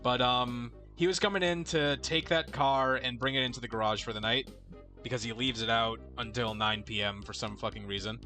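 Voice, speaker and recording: A man's voice: mid-range voice, fairly even intonation, normal speed, sharp tone, soft background music. A young man casually telling a long story while gaming, rambling and swearing, often cutting himself off mid-sentence. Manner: rambling, profane, self-interrupting. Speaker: let's play co-host.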